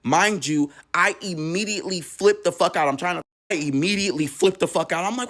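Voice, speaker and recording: A man's voice: sits high, fairly quick, few pauses, fairly bright tone. A man casually telling a personal story to camera, candid and profane, acting out the dialogue as he goes. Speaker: storytime vlogger.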